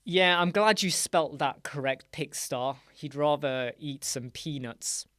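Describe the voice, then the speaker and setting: A man hosting a casual live-stream chat show, answering viewers in an animated, chatty way with many fillers and asides. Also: a little high, slow pace, no echo. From United Kingdom. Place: small dark room with sound panels.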